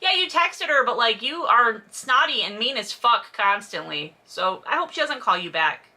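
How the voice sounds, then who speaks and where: A woman's voice: on the high side, very animated, moderate pace, bright, forceful tone. A woman reading a novel aloud as host and breaking off for snarky, exasperated commentary. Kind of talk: sarcastic read-along commentary.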